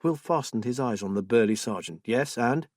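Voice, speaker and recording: A man narrating a crime thriller audiobook in a measured, subdued way, with a husky voice. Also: lowish voice, lively intonation, a little mellow, dry recording, studio quality. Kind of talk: scripted narration.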